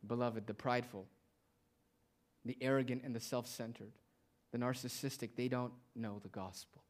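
A male preacher delivering a sermon, drawing out quiet phrases slowly and then rising to loud, emphatic declarations. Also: mid-range voice, steady tone. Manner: swings between hushed, drawn-out phrases and loud emphatic declarations.

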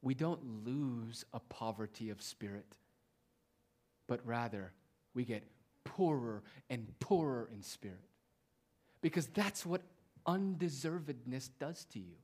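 A male preacher delivering a sermon, drawing out quiet phrases slowly and then rising to loud, emphatic declarations. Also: medium pitch, lively intonation. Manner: swings between hushed, drawn-out phrases and loud emphatic declarations.

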